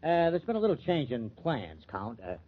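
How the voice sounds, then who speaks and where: An actor playing a glib, fast-talking press agent in a 1940s radio drama. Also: male voice, on the high side, big pitch swings. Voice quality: glib, coaxing. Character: breezy, fast-talking male press agent, young adult. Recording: muffled old radio recording.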